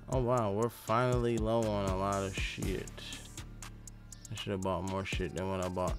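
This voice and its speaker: A man's voice: fairly low pitch, steady tone, normal speed, a little mellow, soft background music. A man hosting a gaming channel, telling a rambling, profane story in casual chat while he plays. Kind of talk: casual gameplay commentary and storytelling.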